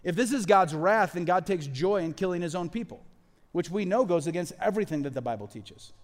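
A man preaching a sermon as pastor, animated and acting out quoted voices as he speaks. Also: high-pitched, a little fast, big-room sound.

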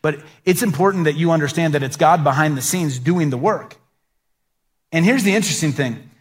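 A middle-aged man preaching a sermon as a pastor, conversational and animated, acting out little asides. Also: on the high side, a little fast, breathy edge.

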